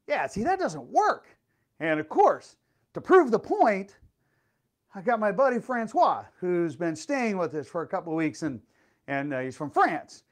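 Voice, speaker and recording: A middle-aged man talks in a high, bright voice that jumps all over the place. He chats casually as a real estate agent, with plenty of fillers and playful exclamations. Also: a little slow. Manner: animated, chatty, full of fillers and playful exclamations. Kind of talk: casual vlog storytelling and market update.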